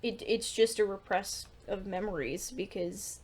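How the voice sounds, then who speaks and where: A woman's voice: medium pitch, unhurried, a little mellow, husky. A young woman co-hosting a podcast, speaking bluntly and frankly about a film, with the odd curse. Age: young adult. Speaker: podcast co-host. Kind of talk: casual film discussion.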